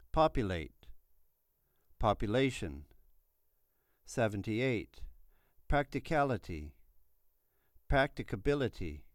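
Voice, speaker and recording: A man reading numbered word lists aloud for a pronunciation lesson, slowly and deliberately, each word clearly articulated. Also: on the low side, dry recording, studio quality. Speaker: pronunciation teacher.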